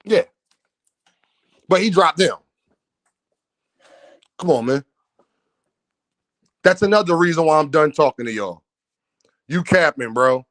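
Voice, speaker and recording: A man with a high voice that swings widely up and down, hosting a livestream and firing back at his chat. He is brash, profane and mocking, and he sounds dry and close to the mic. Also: animated, slow, long pauses, a bit bright, dry recording. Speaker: boxing livestream host. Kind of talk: heated livestream rant at viewers.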